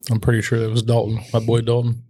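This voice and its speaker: A man's voice: mid-range voice, completely flat delivery, quick pace, mellow. A man who is a guest on a podcast, joshing in a slangy, casual way. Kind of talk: casual chat.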